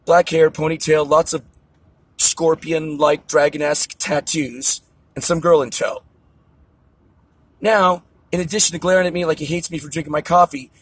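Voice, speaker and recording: A middle-aged man venting in an agitated, profane, tangent-jumping monologue to camera. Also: fairly high pitch. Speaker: vlogger. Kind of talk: ranting monologue.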